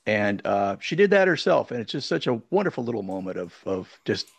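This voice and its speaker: Male podcast co-host, husky gravelly low voice, dry mic, light music bed. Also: big pitch swings, fairly quick, no room sound. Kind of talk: casual podcast chat.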